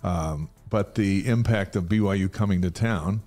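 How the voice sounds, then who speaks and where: A man's voice: deep voice, normal speed, faint music behind. A man co-hosting a studio talk show, prompting the guest with questions. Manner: prompting questions, steady delivery. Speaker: co-host. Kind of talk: casual studio conversation.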